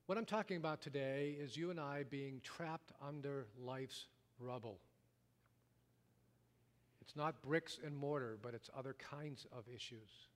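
A man preaching a sermon, telling a story dramatically, rising loud and dropping to a hush. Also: medium pitch, measured pace. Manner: dramatic storytelling, wide swings from loud to hushed. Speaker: pastor. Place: church sanctuary. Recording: long reverb of a large hall.

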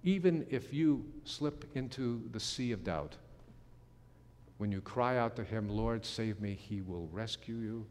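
A middle-aged or older male pastor preaching a sermon in an earnest way, slowing down to stress key phrases. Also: lowish voice, darkish tone. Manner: earnest, slows for emphasis, some restarts. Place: church sanctuary. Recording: long hall reverb.

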